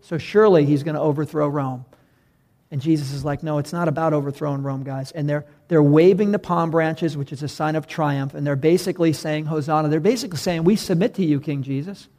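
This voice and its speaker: A man's voice: fairly high pitch, fairly quick, a little mellow. A man preaching a sermon to a congregation, conversational and direct, acting out the voices of crowds in his story. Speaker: pastor.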